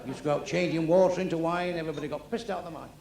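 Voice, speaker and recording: A male stand-up comedian, telling crude jokes bluntly and with deadpan timing. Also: on the high side, racing, gravelly. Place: comedy club with a live audience. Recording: echoey club recording with crowd noise.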